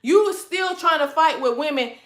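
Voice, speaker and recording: A woman on a livestream scolding her viewers in a deliberately calm, sassy voice, calling them "honey" over and over. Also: high voice, echoey room. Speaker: livestream host.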